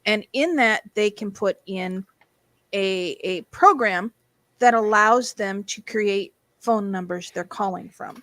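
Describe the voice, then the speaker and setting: A woman's voice: mid-range voice, slow pace, a bit bright, no room sound. A woman hosting a casual podcast chat, talking freely and reading notes aloud. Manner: chatty, reads aloud and hums while searching. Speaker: podcast host.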